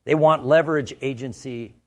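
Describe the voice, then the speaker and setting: A man's voice: mid-range voice, fairly even intonation, moderate pace, darkish tone, dull audio. A man from the United States giving a conversational training talk, full of stories and frequent "right?" checks. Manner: anecdotal, conversational, asks "right?" often. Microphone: studio mic.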